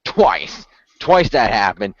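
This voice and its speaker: A man's voice: lowish voice, sing-song, takes it slowly, dry recording. Rambling male podcast host, muffled audio. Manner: rambling, full of fillers and restarts. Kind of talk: casual chat.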